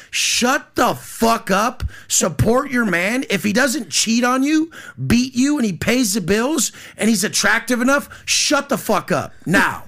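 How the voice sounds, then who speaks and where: Loud, blunt man ranting with profanity. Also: high voice. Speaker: podcast guest. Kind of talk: heated podcast rant.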